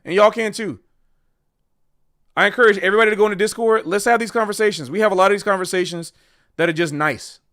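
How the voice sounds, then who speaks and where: Man, high-pitched voice, earnest rambling livestream talk. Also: quick pace, bright, forceful tone. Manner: earnest, rambling, repeats himself. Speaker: streamer and jazz educator. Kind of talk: casual livestream monologue.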